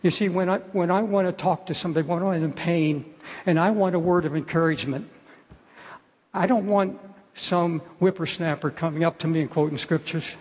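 Older man preaching with a high, husky voice. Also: moderate pace, darkish tone. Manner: earnest, pleading, repeats and restarts phrases. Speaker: pastor. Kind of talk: sermon. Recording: long hall reverb.

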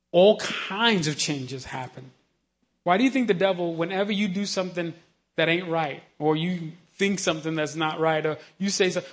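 A man preaching a sermon, talking conversationally and asking his listeners "you know what I mean?", moving between quiet earnest teaching and shouted hallelujahs. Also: on the high side.

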